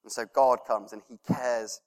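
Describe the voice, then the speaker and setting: A male pastor preaching a sermon, earnest, laughing softly and dropping to a hush when he quotes prayers. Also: mid-range voice, fairly even intonation, moderate pace, in a large hall.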